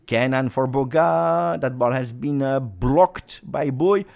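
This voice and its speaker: A man hosting a live football watch-along, reacting to the match as it unfolds, swinging from low muttering to loud shouting. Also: animated, moderate pace, creaky, few pauses.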